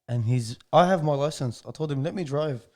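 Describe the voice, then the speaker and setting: A young man jumps into the chat with teasing remarks and frequent laughter. His voice sits slightly high. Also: fairly quick, a little mellow. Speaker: podcast co-host. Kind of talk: casual chat.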